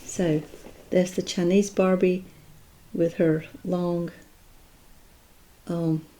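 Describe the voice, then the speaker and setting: A woman's voice: fairly low pitch, little pitch movement, drawn-out words, warm tone. A woman chatting casually as she shows off her doll collection, admiring each piece and thinking aloud. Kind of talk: casual unboxing chat.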